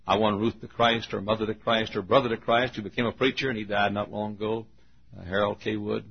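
An older man preaching a sermon, telling a story and acting out the voices, shouting at the high points. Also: a little fast, vocal fry, husky. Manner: animated, acts out voices, shouts at peaks. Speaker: pastor. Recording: muffled lo-fi recording.

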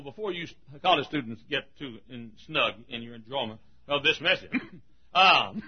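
High, husky-voiced shouting preacher. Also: male voice. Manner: emphatic, shouting preacher with laughter from the congregation. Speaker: pastor. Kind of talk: sermon. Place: church sanctuary. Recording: dull, husky lo-fi church recording.

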